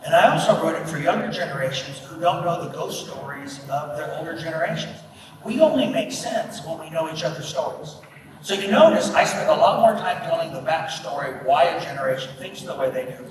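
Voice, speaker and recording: A middle-aged man with a rather high voice gives a joking keynote talk, telling stories and acting out the people in them. He is heard from far off in a big, echoing hall with a long reverb. Noise hums behind him. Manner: storytelling, acts out quoted voices. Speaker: keynote speaker. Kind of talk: humorous conference talk with stories. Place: large event hall at a business breakfast.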